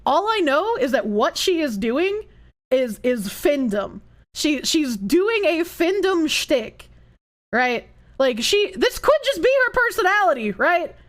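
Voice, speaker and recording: A woman's voice: high voice, very animated, slow pace. A woman livestreamer chatting casually, reading chat, giggling often and swearing freely.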